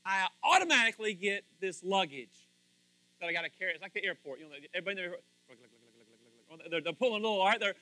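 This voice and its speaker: A man's voice: high-pitched, expressive, quick pace, sharp tone, dry recording. A man preaching a sermon to his congregation in a playful way, speaking to people directly by name. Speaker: pastor. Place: church before a congregation.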